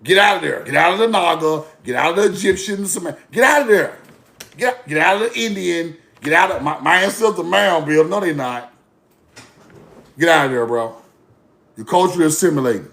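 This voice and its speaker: A man's voice: on the high side, lively intonation, brisk, vocal fry, a bit bright. A man ranting casually to his online audience, blunt, profane and mocking, repeating himself for effect. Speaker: online commentator. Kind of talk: casual rant to camera.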